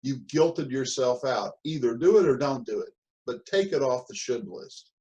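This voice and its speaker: A man's voice: mid-range voice, animated, normal speed, darkish tone, muffled recording. A male speaker delivering a motivational seminar talk. He hammers his points home with short, repeated phrases. Now and then he slips into a whiny voice to mimic excuses. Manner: emphatic, punchy repetition, acts out whiny victim voices. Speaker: mentor and speaker.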